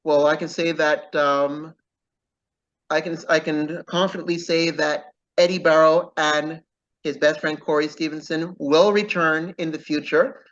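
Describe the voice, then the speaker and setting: A man's voice: on the high side, fairly even intonation, unhurried, fairly bright tone, dull audio. A man being interviewed as an author, talking earnestly and often tagging his points with "okay?". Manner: earnest, keeps adding "okay?" as a tag. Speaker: author guest. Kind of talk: casual interview talk.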